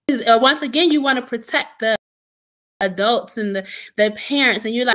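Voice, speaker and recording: A woman's voice: fairly high pitch, fairly quick, a bit bright. A young adult woman giving an earnest, emotional personal testimony as a podcast guest, often quoting her own prayers.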